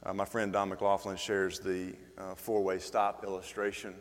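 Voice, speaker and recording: Preacher in a reverberant hall. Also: male voice, low voice, flat delivery, moderate pace. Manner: builds from quiet reflection to emphatic, rising delivery with many restarts; asks the congregation questions. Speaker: pastor. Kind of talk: sermon. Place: church hall. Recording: long reverb of a church hall.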